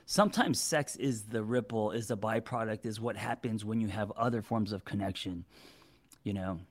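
A man in his forties with a fairly low voice gives relationship advice in a casual monologue to camera. He speaks haltingly, stumbling over words with many fillers.

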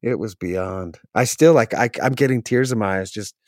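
A man, an actor, telling a casual anecdote from a film set, animated and quick to laugh. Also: lowish voice, dry recording, clean studio sound. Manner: animated, laughs often, mimics others' voices. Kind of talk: casual storytelling.

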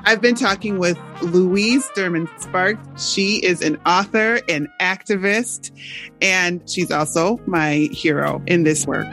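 A woman's voice: lowish voice, slow pace, fairly bright tone, faint music behind. A woman hosting a radio interview, asking questions and thanking her guest in a friendly, appreciative way. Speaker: radio host. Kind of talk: interview and show outro.

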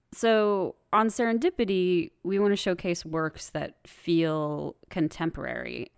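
A woman interview guest talks in a jokey, animated way. Her voice is smooth and a little low. The sound is dry and close, with no room around it. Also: no echo. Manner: jokey, animated, quick to laugh. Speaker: podcast co-host, guest. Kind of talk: casual interview chat.

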